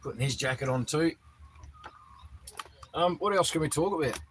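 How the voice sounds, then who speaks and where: A man's voice: fairly high pitch, expressive, moderate pace, a bit bright, a little hiss or hum, low-quality recording. A man hosting a casual livestream, reading out viewers' names and greeting them as he goes. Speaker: livestream host. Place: outdoors in the cold.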